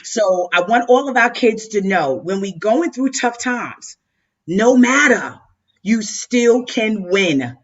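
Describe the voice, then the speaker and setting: A woman's voice: a little high, expressive, slow. A woman host giving a heartfelt, effusive tribute over a video call, often stumbling and repeating her words. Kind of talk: emotional live-stream tribute speech. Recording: dull lo-fi video call audio.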